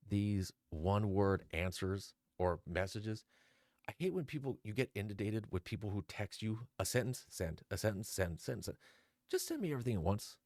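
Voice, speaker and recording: A man with a low voice gives casual reaction commentary. He reads messages aloud in a mocking, exasperated way, recorded dry and close with no room sound. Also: darkish tone, no echo.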